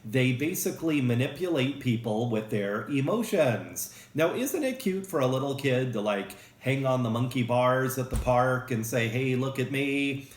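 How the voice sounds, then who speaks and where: A man's voice: medium pitch, normal speed, hardly any pauses. Joking male psychology lecturer. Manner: casual, joking, lively with acted examples. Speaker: psychology professor. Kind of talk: recorded lecture. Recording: roomy echo.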